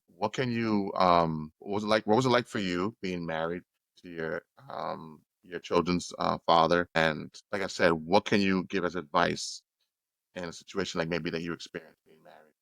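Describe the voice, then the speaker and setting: A man hosting a podcast, asking searching questions in a relaxed conversational way with many restarts. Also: low voice, gravelly, no echo. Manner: warm, probing questions with frequent restarts. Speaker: podcast host. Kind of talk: casual interview chat.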